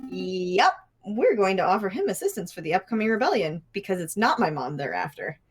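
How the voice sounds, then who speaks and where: A woman's voice: mid-range voice, sing-song, fairly quick, breathy edge, soft background music, voice pushed down. Woman voicing a breezy, brash male lawyer. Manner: breezy, jokey.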